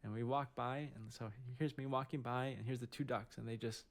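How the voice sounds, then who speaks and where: Halting middle-aged man telling a story. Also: mid-range voice, fairly even intonation. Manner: halting, many fillers and restarts. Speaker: surgeon telling a personal story. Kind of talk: casual storytelling.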